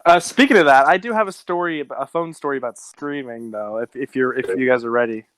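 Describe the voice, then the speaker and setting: A man's voice: mid-range voice, quick pace, fairly bright tone, smooth, no echo, low-quality recording. A young man co-hosting a casual podcast, telling long rambling stories and laughing at his own jokes. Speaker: podcast co-host. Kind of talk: casual storytelling chat.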